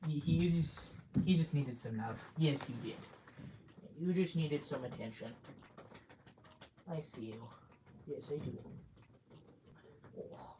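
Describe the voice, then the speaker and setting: A woman's voice: very deep voice, slow pace, pauses often, noisy background. A woman with a Minnesotan accent chatting on a casual livestream from home, cooing affectionately at her cat between chatty asides. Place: home room.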